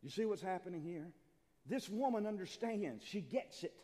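High-voiced preacher shouting in a hall. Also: male voice, animated, normal speed. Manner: preaching, swings from quiet to shouting. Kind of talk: sermon. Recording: long hall reverb.

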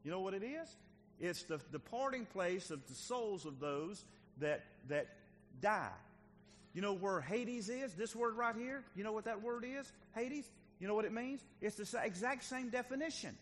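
A man preaching a sermon in an earnest style, swinging from loud emphasis to hushed intensity and often repeating his words. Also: sits high, animated, moderate pace, long reverb tail, slight background noise. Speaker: pastor.

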